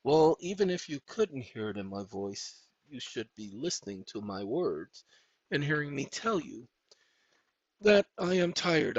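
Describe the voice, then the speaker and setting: A man's voice: medium pitch, no echo. A tired man hosting his channel in a casual, weary, rambling monologue. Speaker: YouTube channel host. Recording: dull dry recording.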